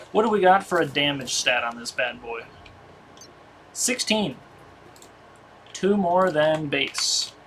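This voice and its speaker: A man's voice: a little high, a bit bright, slight background noise, rough recording. A man streaming a game, testing a weapon and muttering damage numbers in casual commentary from a home setup.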